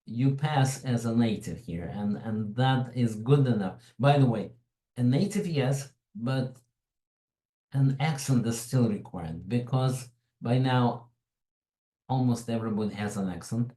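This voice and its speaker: A man's voice: mid-range voice, unhurried, dark tone, reverberant, low-quality recording. A man with a foreign accent presenting a tech webinar in a chatty, digressive way, with frequent asides. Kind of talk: informal tech webinar talk.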